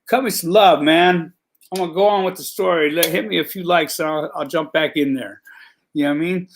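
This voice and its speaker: Gravelly man with a raspy edge. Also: on the high side, fairly quick, slight background noise. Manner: profane, street slang, many fillers. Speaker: vlog host telling prison stories. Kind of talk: rambling live-stream storytelling.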